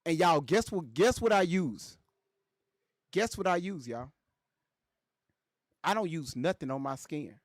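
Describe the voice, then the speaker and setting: A man hosting a casual livestream, reading chat aloud and joking around in a loud, animated way. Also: on the high side, measured pace, pauses often, no echo, studio quality.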